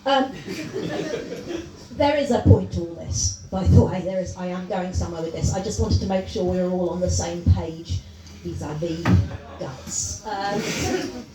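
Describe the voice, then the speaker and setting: A woman doing a stand-up comedy set in a pub, chatty and self-mocking, with quick asides. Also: on the low side, noisy background. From Wales. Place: pub comedy gig with a live audience. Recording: roomy live mic from a distance, audience laughter.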